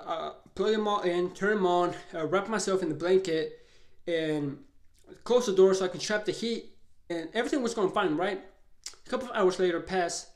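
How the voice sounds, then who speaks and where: A young adult vlogger casually telling a story, swearing a lot, rambling and restarting, sounding exasperated. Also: medium pitch. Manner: profane, rambling, exasperated retelling with frequent restarts. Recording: roomy echo, faint background ambience.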